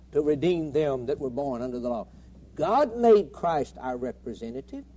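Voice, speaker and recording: A man's voice: fairly high pitch, dark tone. A man preaching a sermon with emphatic, rhythmic repetition.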